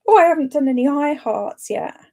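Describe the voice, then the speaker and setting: A woman hosts a casual reading livestream, her voice sitting a little high. She chats warmly with her viewers and reads their comments aloud. She cheers them on, laughing lightly as she goes. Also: animated, fairly quick. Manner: chatty and encouraging, with frequent small laughs. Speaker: livestream host of reading sprints.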